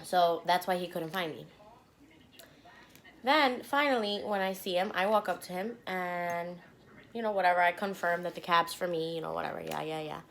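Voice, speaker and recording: A young woman vlogger telling a story to the camera between bites, animated and blunt, with the odd swear word. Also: fairly low pitch, moderate pace, creaky, a little hiss or hum. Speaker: mukbang vlogger. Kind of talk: storytime chat while eating.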